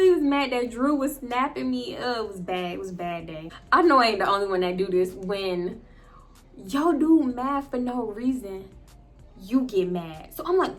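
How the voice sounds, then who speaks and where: A woman vlogger telling a personal story in a casual, animated way, often turning to her viewers and laughing. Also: fairly high pitch, normal speed.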